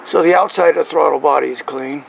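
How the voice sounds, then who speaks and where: Man, gravelly, rambling, keeps asking "right?", casual how-to, outdoors, faint background noise. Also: a little high, fast. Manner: rambling, checks in with "right?" and "okay?". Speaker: truck owner showing his engine.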